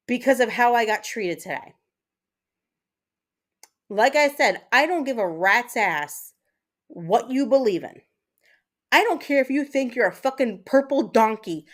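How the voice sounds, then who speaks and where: A woman with a high voice hosts her own livestream. She talks straight to her viewers in an angry, blunt rant and swears freely. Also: a bit bright. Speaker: livestream host.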